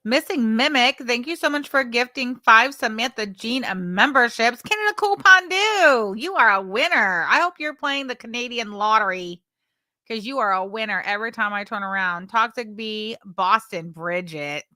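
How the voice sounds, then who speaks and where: A woman's voice: on the high side, normal speed, pushed and bright, no room sound, studio quality. A woman hosting a livestream, bluntly chatting, swearing and thanking viewers for super chats. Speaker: livestream host. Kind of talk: casual livestream commentary.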